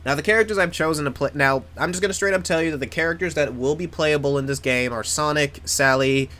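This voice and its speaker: A man's voice: fairly high pitch, fast, bright, forceful tone. A man in casual chat, rambling with plenty of restarts, swearing freely and mocking himself. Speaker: video creator.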